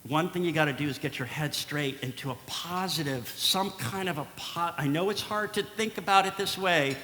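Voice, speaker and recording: A man voicing a calm, earnest male surgeon in his late forties, speaking in a quiet, measured, reassuring way. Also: fairly high pitch. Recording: echoey hall with faint noise.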